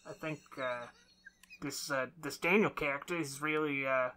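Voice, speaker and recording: A man putting on a jokey, halting fake British accent as a boastful composer guest, and it comes out sounding Australian. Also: a little high, steady tone, sharp tone, clear, resonant tone. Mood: mock pompous. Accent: put-on British, sounding Australian.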